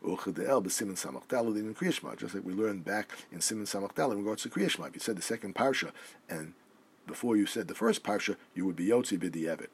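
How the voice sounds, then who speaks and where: A man with a fairly low, somewhat husky voice teaches a halacha lesson. He reads each Hebrew phrase slowly and deliberately, then explains it in plain English. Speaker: Torah teacher.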